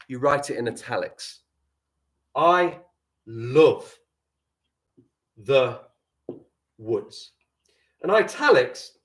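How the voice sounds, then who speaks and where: An English man leads a live writing lesson for young children. His voice sits mid-range and swings up and down a lot as he plays with examples. He slips into quieter asides between the teaching points. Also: medium pitch. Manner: animated, playful, dropping to quiet asides. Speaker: primary school teacher.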